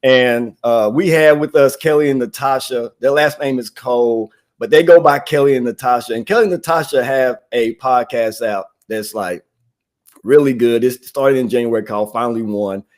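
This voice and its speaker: A man's voice: mid-range voice, moderate pace. A man hosting a live online show, casual and upbeat, often restarting and saying "man". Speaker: livestream host.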